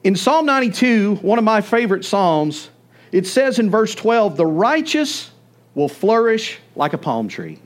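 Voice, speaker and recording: A man preaching a sermon, telling the story with animated storytelling. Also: high voice, measured pace. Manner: animated storytelling, acts out voices. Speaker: pastor.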